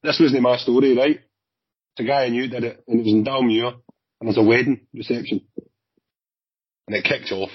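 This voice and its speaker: Husky Glaswegian man telling stories. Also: medium pitch, dry recording. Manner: animated, swearing, hurried storyteller. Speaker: former police officer. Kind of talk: casual anecdotal storytelling. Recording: dull lo-fi sound.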